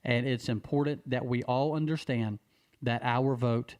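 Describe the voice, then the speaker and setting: A man from Mississippi, speaking an earnest direct-to-camera appeal, repeating key phrases with slow emphasis. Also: mid-range voice, fairly even intonation, a little mellow. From Mississippi, USA. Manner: repetitive, emphatic, with slow stressed phrases and restarts. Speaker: civic advocate addressing viewers.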